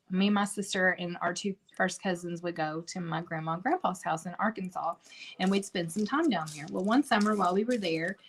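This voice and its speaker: A woman's voice: medium pitch, a bit bright. A middle-aged woman hosting a craft video, chatting and telling stories straight to her viewers as she works. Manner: chatty storyteller, talks to viewers directly. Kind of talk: casual chat while crafting.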